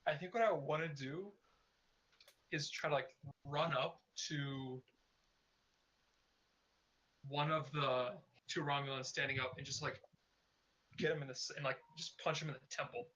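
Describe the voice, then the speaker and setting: A man's voice: on the high side, fairly even intonation, a little slow, pauses often, pushed and bright, muffled recording. A man playing a tabletop game over an online call, describing his moves hesitantly with many fillers. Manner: hesitant, lots of likes and ums.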